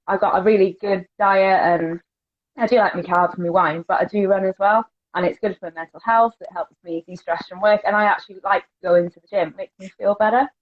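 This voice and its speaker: A chatty woman talks openly as a podcast guest, laughing now and then. Her voice sits at an ordinary middle pitch. The recording sounds dull and lo-fi. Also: fairly even intonation, brisk. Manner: chatty, laughs often, candid. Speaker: curve model, guest. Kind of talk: casual podcast chat.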